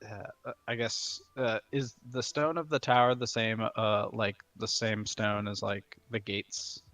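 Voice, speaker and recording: A man playing a tabletop game, describing his character's actions in a halting way. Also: fairly low pitch, level tone, fairly bright tone, no echo. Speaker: player.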